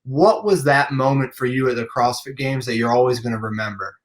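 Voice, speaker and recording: A male podcast host with a mid-range voice, asking questions in a relaxed, encouraging way. He fills his questions with "you know" and small restarts as he prompts his guest. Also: mid-range voice, brisk. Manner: friendly, encouraging, uses many fillers. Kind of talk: casual interview.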